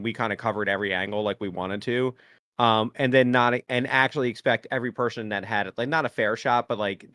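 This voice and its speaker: A man's voice: medium pitch, a bit bright, no echo, clean studio sound. A man hosting a podcast, chatting in an easygoing, encouraging way and asking his guest questions. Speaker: podcast host. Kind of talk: casual interview chat.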